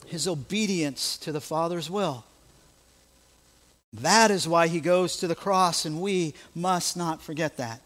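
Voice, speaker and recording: Emphatic American pastor preaching. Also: male voice, on the high side, unhurried, a bit bright. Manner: emphatic, rhetorical questions, preacherly. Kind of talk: sermon.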